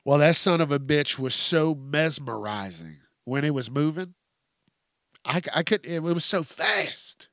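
A man hosting a solo podcast in a casual, profane, animated rant, acting out quotes and jumping between topics. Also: on the high side, measured pace, dry recording, studio quality. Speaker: podcast host.

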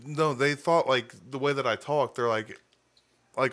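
A man's voice: medium pitch, normal speed, fairly bright tone. Rambling man from Ohio. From Dayton, Ohio. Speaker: podcast co-host. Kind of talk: casual podcast chat.

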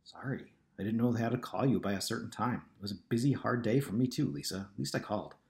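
A man reading an audiobook, voicing a defensive husband who talks curtly and fast. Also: lowish voice, gravelly, darkish tone. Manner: curt, defensive, hurried. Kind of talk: audiobook character voice.

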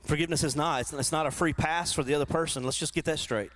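A man preaching a sermon to his church, often repeating and restarting words, and rising into animated quoted voices. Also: a little high, fast. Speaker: pastor. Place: church in front of a congregation.

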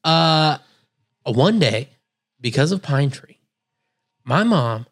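A man's voice: a little high, lively intonation, slow. A young man co-hosting a casual podcast, telling rambling stories in a laid-back, profane way. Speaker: podcast co-host. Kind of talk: casual chat.

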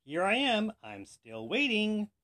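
An arrogant male professor from a spoken joke, loud and taunting, voiced by a man. He talks in a challenging, goading way. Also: mid-range voice, lively intonation, moderate pace, lightly acted.

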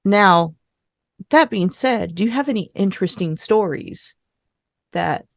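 A woman hosting an interview, asking questions in a measured way with fillers like "you know" and "uh". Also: medium pitch, lively intonation, creaky, dry recording. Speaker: interviewer, host. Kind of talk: casual interview chat.

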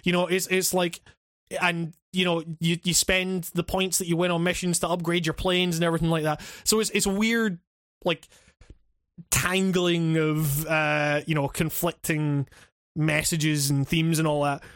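A man's voice: on the high side, steady tone, a little slow, a bit bright, no room sound, studio quality. A man chatting casually on a podcast, rambling and swearing, full of restarts, fillers and laughs. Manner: laughs often while talking. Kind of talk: casual chat.

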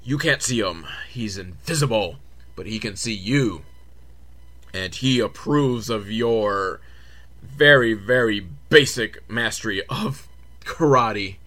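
A man voicing an old, wise male monk master who talks in a slow, solemn hush. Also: on the low side, pitched below the performer's own voice, full character voice.

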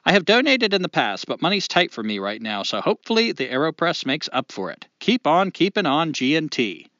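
Here is a man doing a friendly forty-something Californian listener, in a light Californian accent. His voice rides a little above its usual pitch and sounds bright and lively. The sound is dry and dull, like a lo-fi podcast recording. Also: fairly quick, no room sound. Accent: light put-on Californian. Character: male listener, forty-six, reading his letter.

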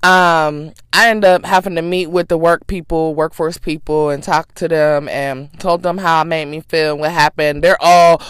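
A woman's voice: deep voice, fairly even intonation, normal speed, hardly any pauses, clear, resonant tone, no room sound. A woman podcast host telling a personal story in a casual, sassy, emphatic way, with plenty of swearing.

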